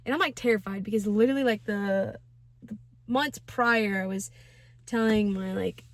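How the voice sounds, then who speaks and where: A woman's voice: medium pitch, normal speed, no echo. A young woman in her twenties telling a personal story in a casual vlog, chatty and slangy with lots of fillers. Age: 20s. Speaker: vlogger.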